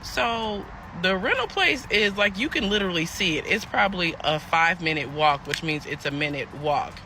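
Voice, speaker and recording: Gravelly, chatty woman telling a story. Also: on the low side, expressive, moderate pace, pushed and bright, slight background noise. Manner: chatty, talks straight to the viewers. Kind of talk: casual storytime.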